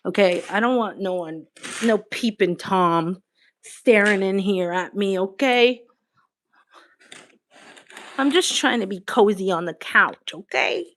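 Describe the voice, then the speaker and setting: Brief: young woman, relaxed home live streamer, slow easygoing delivery, reads out chat. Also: medium pitch, a little hiss or hum. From Australia. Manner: chatty, reads out viewer comments, talks to her cat. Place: home living room.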